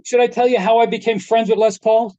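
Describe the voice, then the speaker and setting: Animated New storyteller man. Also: very high-pitched, fairly quick, highs cut off. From New York area. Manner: animated anecdote teller, acts out quotes. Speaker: guest, guitar tech. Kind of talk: casual storytelling interview.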